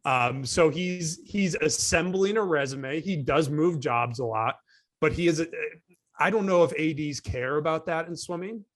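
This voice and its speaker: A man's voice: fairly high pitch, normal speed, no echo, studio quality. A man co-hosting a casual sports panel discussion, thinking aloud in rambling sentences with many restarts. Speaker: co-host.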